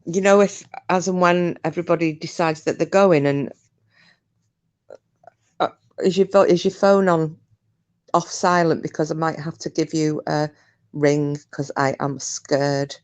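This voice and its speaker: A woman's voice: sits low, steady tone, unhurried. A British woman hosting a live stream from her sofa at home, chatting casually with a nervous, giggly manner.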